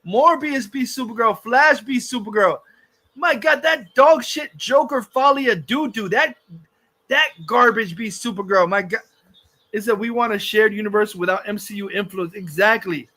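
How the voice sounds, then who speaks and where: A man's voice: high-pitched, moderate pace, bright, forceful tone. A man hosting a livestream, ranting angrily and profanely, repeating himself. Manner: furious, profane, repetitive ranting. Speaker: livestream host.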